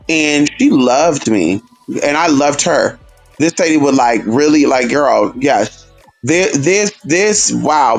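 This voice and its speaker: A sassy man hosting a casual livestream, his gravelly, husky voice swooping up and down with lively expression. He chats straight to his viewers, full of attitude, with faint music playing underneath. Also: on the high side. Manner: sassy, animated, addresses viewers as girl and honey. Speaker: livestream host.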